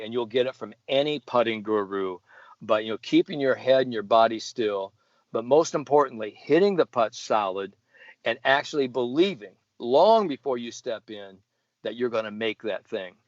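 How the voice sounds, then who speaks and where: A middle-aged American man, a sports psychologist, telling a folksy story with animated asides and laughs. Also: medium pitch, dry recording, lo-fi sound. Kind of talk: casual storytelling.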